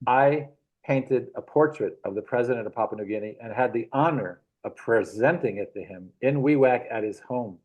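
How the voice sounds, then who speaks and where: A middle-aged man of middling pitch tells his stories in loose, rambling bursts. He chuckles often, restarts sentences and scatters fillers as he talks. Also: moderate pace, phone-quality sound. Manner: animated, chuckling, rambling anecdotes. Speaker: guest. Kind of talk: casual storytelling.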